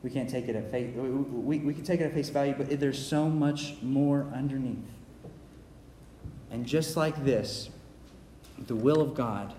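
Earnest young preacher in an echoey hall. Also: male voice, medium pitch, unhurried, warm tone, a little hiss or hum. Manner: earnest, repetitive, stumbles and restarts. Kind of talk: sermon. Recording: echoey hall, faint ambience.

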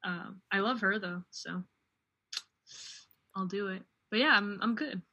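A woman's voice: medium pitch, unhurried, pushed and bright, slightly rough, dull audio. A young woman co-hosting a casual chat, talking about her classes in a chatty way. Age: young adult. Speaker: podcast co-host.

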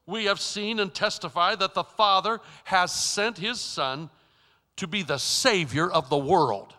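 Emphatic male preacher with a high, piercing bright voice, in a hall with long reverb. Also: a little slow. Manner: emphatic, dramatic shifts in loudness. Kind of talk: storytelling sermon.

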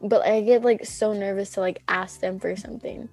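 A woman's voice: medium pitch, steady tone, moderate pace, darkish tone, soft background music. A teenage girl co-hosting a podcast, telling anxious stories in a rambling, casual way full of "like" and acted-out quotes. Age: teens. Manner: rambling, heavy use of "like", acts out quotes. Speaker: podcast co-host. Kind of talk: casual chat, storytelling.

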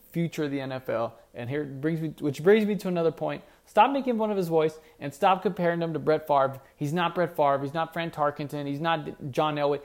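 A man hosting a solo sports podcast, rambling and mock-indignant, with lots of fillers and restarts. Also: on the high side. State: out of breath. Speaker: podcast host.

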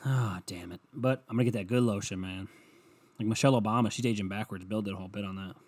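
Husky-voiced man ranting profanely. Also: on the low side, fast talker, darkish tone. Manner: profane, rambling, sarcastic. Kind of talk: solo comedic ranting monologue.

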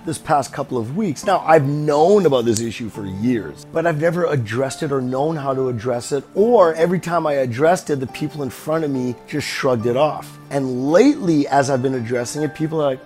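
A man's voice: on the high side, expressive, brisk, hardly any pauses, darkish tone, soft background music. A man hosting a podcast, talking in a rambling, reflective monologue and swearing freely. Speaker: podcast host.

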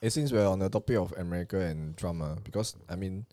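A man with a Singaporean English accent, co-hosting a podcast, asking quick questions and calling his friends bro. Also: low voice, mellow, dry recording. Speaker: podcast co-host. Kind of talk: casual podcast banter.

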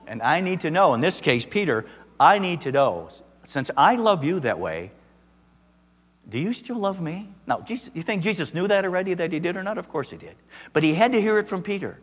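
Animated preacher man in a big hall. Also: mid-range voice, moderate pace. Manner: animated, rising emphatic peaks with many restarts. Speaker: pastor. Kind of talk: sermon. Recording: long reverb of a large hall.

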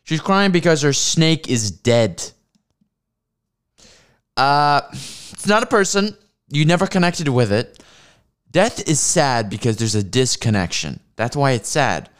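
A man rants through a solo comedy podcast, rambling and swearing freely as he mocks whatever comes to mind. His voice is smooth and resonant. His pitch leaps around animatedly. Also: very animated, slow, pauses often. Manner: profane, rambling, mocking. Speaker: podcast host.

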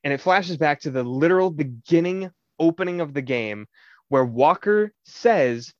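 Young male podcast co-host, lively storyteller who swears freely, dry and slightly dull recording. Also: fairly high pitch, normal speed, dry recording. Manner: animated storytelling, swears a lot, acts out quotes. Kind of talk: casual chat.

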